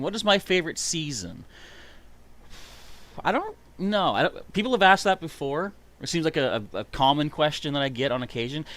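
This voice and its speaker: A man giving live gameplay commentary, excitable and chatty, reading out viewer comments. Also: on the high side. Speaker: streamer playing a video game.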